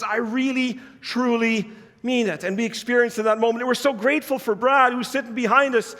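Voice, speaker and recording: A man's voice: very high-pitched, fairly even intonation, brisk, bright, forceful tone. A man preaching a sermon, telling a story in an earnest, conversational way. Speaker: pastor. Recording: long reverb of a large hall.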